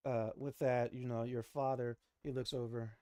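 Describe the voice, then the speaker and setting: A man's voice: mid-range voice, flat delivery, moderate pace, a little mellow, no room sound. Man game master, casual narration, filler-heavy, dry close sound, tabletop game. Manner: casual, laughing, many fillers.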